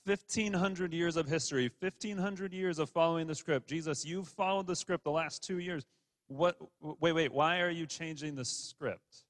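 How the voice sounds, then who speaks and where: A man voicing confused male disciples who protest urgently with quick, repeated interjections. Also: on the high side, close to an everyday voice. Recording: long hall reverb.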